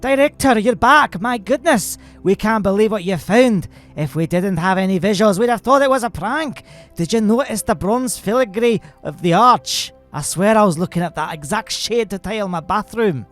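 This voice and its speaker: A man voicing an excitable male mission control scientist with a put-on Scottish accent, gushing and chatty. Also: high voice, moderate pace, faint music behind, voice pushed up. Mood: excited gushing. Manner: gushing, chatty, breathless exclamations.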